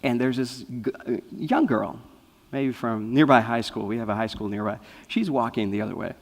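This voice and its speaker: A man giving an inspirational talk as a guest speaker, telling lively stories and often checking in with "right?". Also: mid-range voice, normal speed, vocal fry. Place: spiritual center hall. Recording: long reverb of a large hall.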